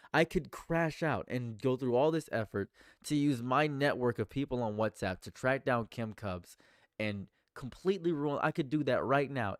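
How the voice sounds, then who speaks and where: A man's voice: medium pitch, no room sound, studio quality. A man streaming live react commentary, talking in a heated, rambling way and repeating himself.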